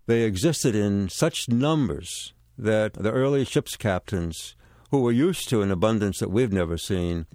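A man's voice: deep voice, a little mellow, dry recording. A man in his sixties being interviewed in a studio, earnest and reflective, with small restarts. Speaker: guest kayaker.

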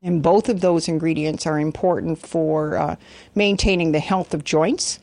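A woman professor explaining research in an interview, pausing often with ums and uhs. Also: deep voice, fairly even intonation, a little mellow, no echo. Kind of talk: interview answer.

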